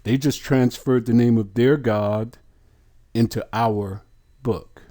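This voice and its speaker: A man teaching scripture line by line, deliberate and insistent, sounding out words syllable by syllable and asking rhetorical questions. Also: mid-range voice, fairly even intonation, warm tone. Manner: earnest and insistent. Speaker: bible teacher.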